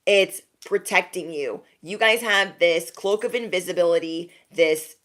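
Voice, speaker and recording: A woman's voice: fairly low pitch, a little slow, a bit bright. A young woman doing a casual spiritual card reading, chatty and laughing often as she talks to her viewers. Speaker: tarot reader.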